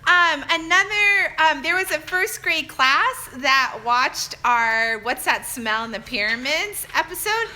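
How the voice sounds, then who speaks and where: A woman's voice: high-pitched, expressive, measured pace, few pauses, bright, forceful tone. A woman, a mother hosting a family livestream Q&A, chatting in a giggly way with lots of hesitant fillers. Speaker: mother and channel host.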